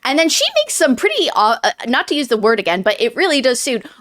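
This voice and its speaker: A woman's voice: high-pitched, very animated, quick pace, a bit bright. A woman co-hosting a podcast, chatting casually and critically about a novel with lots of fillers. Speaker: podcast co-host. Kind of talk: casual book review chat.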